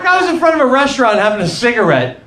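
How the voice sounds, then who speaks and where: A man's voice: very high voice, sing-song, very fast, very noisy. A man with a New York accent doing a stand-up set, brash and conversational, talking directly to the crowd in a comedy club. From New York, USA. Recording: echoey club, loud crowd.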